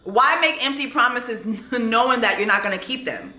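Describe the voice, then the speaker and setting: Sassy, bright-voiced woman telling a dating story. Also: a little high, normal speed, echoey room. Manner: blunt, sassy, quotes texts aloud. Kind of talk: storytime vlog.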